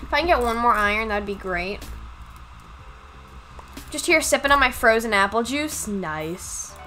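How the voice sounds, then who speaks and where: A young woman chatting through a live gaming stream, talking to her viewers and teammates and breaking into high yelps when things go wrong. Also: lively intonation, a little slow, pushed and bright. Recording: faint music in background.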